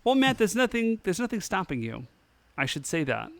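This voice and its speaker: A man co-hosting a podcast in casual chat, recapping the plot in a relaxed way. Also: high voice, normal speed, creaky, dry recording. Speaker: podcast co-host.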